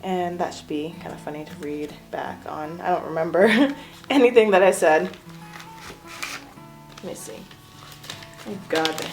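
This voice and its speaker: A woman's voice: fairly low pitch, measured pace, pauses often, soft background music. A young woman giving a casual, self-mocking tour of her home art studio, chatty and giggly. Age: young adult. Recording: echoey room.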